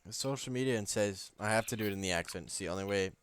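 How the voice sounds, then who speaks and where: A man's voice: lowish voice, racing, clean tone, no room sound. A young man co-hosting a casual podcast as a hockey coach, joking as he reads posts aloud.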